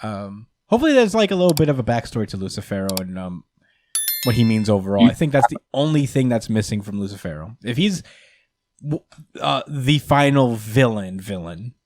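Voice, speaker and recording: A man's voice: mid-range voice, darkish tone, no echo. A young man hosts a casual podcast, talking in loose, rambling sentences full of fillers. His voice sits in an ordinary middle range. The sound is close and dry, with no room around it. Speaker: podcast host. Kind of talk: casual chat.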